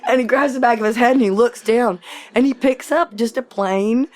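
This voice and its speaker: Animated, laughing woman telling stories. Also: fairly high pitch, normal speed. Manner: animated, laughs often, swears freely. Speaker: podcast guest, musician. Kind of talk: casual storytelling chat. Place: tour bus.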